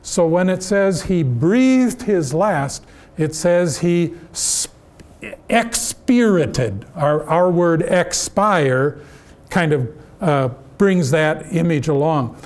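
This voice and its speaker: A middle-aged man teaching an adult Bible class, speaking deliberately and asking the class questions. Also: high voice, lively intonation, darkish tone.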